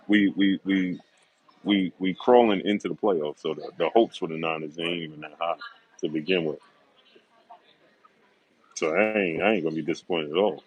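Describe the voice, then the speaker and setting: A middle-aged sports talk show host with a low voice and a breathy edge runs a livestream, greeting viewers by name. He makes emphatic, confident predictions and repeats himself for stress. The recording sounds muffled.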